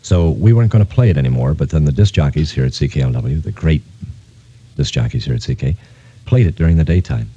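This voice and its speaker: Very deep-voiced sentimental radio DJ. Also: male voice, expressive, quick pace, mellow, breathy edge, no echo, muffled recording. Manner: rambling, heartfelt, sentimental. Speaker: radio disc jockey. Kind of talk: casual on-air radio talk. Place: radio studio. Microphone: studio microphone.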